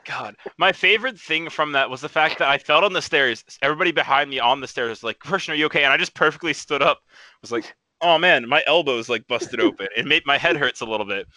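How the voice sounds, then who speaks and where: Very bright-voiced young man hosting a stream. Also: on the high side, quick pace, dry recording. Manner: animated storyteller, laughs often. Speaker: podcast host. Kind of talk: casual livestream chat.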